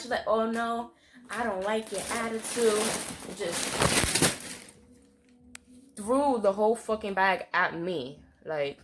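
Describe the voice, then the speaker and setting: A woman's voice: mid-range voice, slight background noise. A young woman recounts a story straight to camera in a blunt, fiery way, swearing freely. She rambles and circles back with fillers, keeping it loose and casual. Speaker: storytime vlogger.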